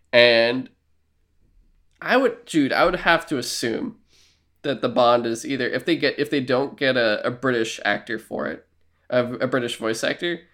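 A man co-hosting a casual podcast, rambling and animated, acting out little quoted exchanges as he talks. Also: medium pitch. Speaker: podcast co-host. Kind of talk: casual chat.

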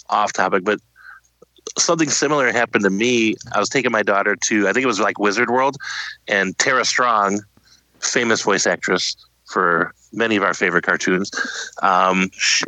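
A middle-aged man co-hosting a podcast, telling an anecdote in relaxed casual chat. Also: fairly low pitch, no echo, poor audio. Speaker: podcast co-host.

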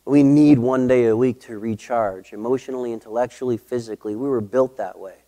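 A man's voice: medium pitch, dark tone. Emphatic middle-aged male pastor preaching. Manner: emphatic, repeating key phrases, slowing for stress. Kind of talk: sermon.

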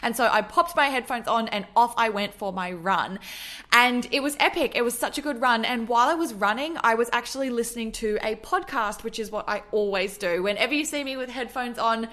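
A young adult Australian woman talks alone to her podcast listeners, gushing and upbeat. Her voice sits a little high, and she speaks with bubbly, effusive excitement. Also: a little fast. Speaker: podcast host. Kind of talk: enthusiastic solo podcast monologue.

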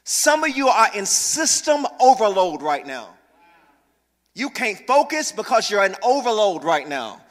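Pastor, male, high bright voice, playful preaching, long church-hall reverb. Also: unhurried. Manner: lively preaching with humor, calls for congregation responses. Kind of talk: sermon. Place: church sanctuary.

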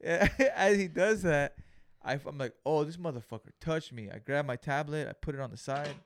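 A man's voice: fairly high pitch, moderate pace, a little hiss or hum. A young man, co-hosting a podcast and telling a story in a casual, profane way, acting out the people in it. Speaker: podcast co-host.

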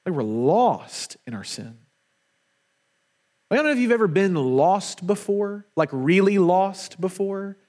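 A man's voice: sits high, expressive, measured pace, a little mellow. A man preaching a sermon to a congregation, earnest and emphatic, often repeating words for weight. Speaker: pastor.

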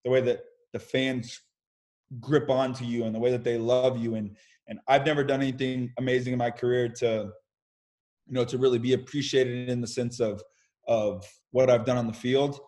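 A young American man, a pro athlete, tells a story with casual candor over a video call. His voice sits in a middle pitch, and he talks freely with the odd mild curse. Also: normal speed. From United States. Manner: lively storyteller, casual and candid, mild swearing. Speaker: podcast guest, pro baseball player.

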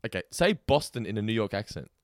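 A man co-hosting a casual podcast, chatty and brisk. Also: on the low side, big pitch swings, no room sound, clean studio sound. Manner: brisk, chatty, laughs often. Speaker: podcast co-host.

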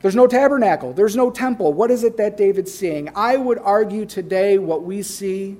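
At a normal speed with hardly any pauses, a pastor preaches in a voice that stays high for a man. He moves between emphatic, loud statements and quiet asides, stressing important phrases strongly.

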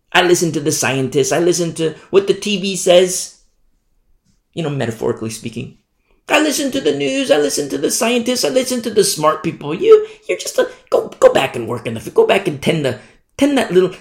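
A preacher playing a sneering scoffer. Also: male voice, on the high side, very animated, a little fast, echoey room. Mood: mocking. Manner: sneering, dismissive. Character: scoffing skeptic mocking a prophet.

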